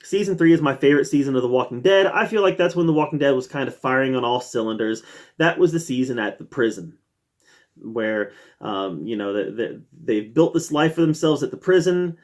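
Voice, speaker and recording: A man's voice: medium pitch, lively intonation, fairly quick. A man hosting his own review channel, ranking TV seasons in an eager, casual way, with many fillers and restarts. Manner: enthusiastic, with frequent fillers and restarts.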